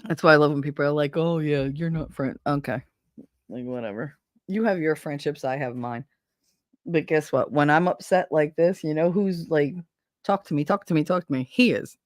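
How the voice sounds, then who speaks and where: Speaking at a moderate pace in a low-pitched voice, a woman hosts a casual livestream from a home setup on a desk microphone. She rambles in loose, stream-of-consciousness chat, swearing freely and laughing often. The sound is dry and clean, like a studio.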